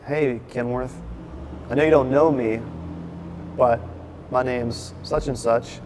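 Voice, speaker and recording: A man tells a long story in a casual chat, bringing each character in it to life with quick quoted lines and lively restarts. He is recorded in his brewery, where a faint hum of the room stays underneath his voice. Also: mid-range voice. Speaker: brewery owner, guest.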